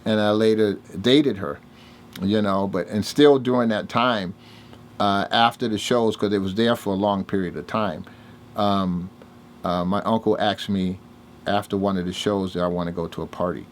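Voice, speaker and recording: An older man with a fairly low voice recounts old stories in a relaxed interview. He slips into the voices of the people in his tale and jumps up in pitch as he acts them out. There is a faint hiss behind him. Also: moderate pace. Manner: animated storyteller, acts out dialogue with big pitch jumps. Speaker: interviewee, music producer. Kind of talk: casual storytelling interview.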